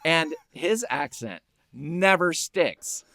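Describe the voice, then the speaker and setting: Brief: a man hosting a podcast, casual film chat, animated storyteller, dry close sound. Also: fairly high pitch, slow pace, no room sound. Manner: animated storyteller who acts out quotes.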